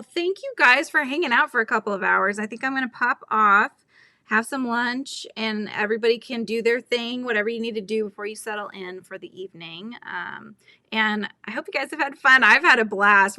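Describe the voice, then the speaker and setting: A woman's voice: on the high side, fairly quick, sharp tone, no echo. A middle-aged woman hosting a crochet livestream, chatting casually, giggling and reading the chat aloud.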